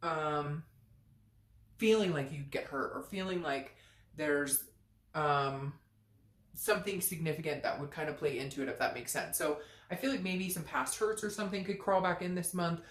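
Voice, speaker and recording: A woman's voice: deep voice, moderate pace. A woman giving a chatty, blunt tarot reading who swears freely and acts out little quoted voices. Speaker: tarot reader. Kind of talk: casual tarot reading to camera. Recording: echoey room.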